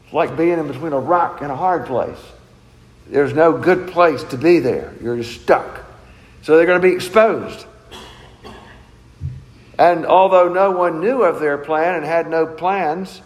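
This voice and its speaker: A pastor with a high male voice preaches a sermon in a reverberant hall. He is earnest and emphatic, leaning on rhetorical questions.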